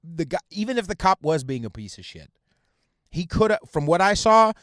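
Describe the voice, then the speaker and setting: A man's voice: high voice, very animated, moderate pace, fairly bright tone, no echo, studio quality. A man hosting a podcast, delivering a heated, profane solo rant that mocks its targets and stumbles over restarts. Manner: stammers and restarts mid-sentence. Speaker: podcast host.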